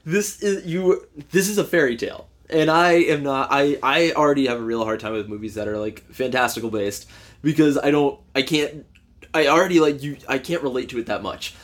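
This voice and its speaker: A man's voice: mid-range voice, fairly quick, a bit bright. A young man co-hosting a podcast, talking about movies in a rambling, profane way and laughing often. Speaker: podcast co-host. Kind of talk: casual movie-review chat.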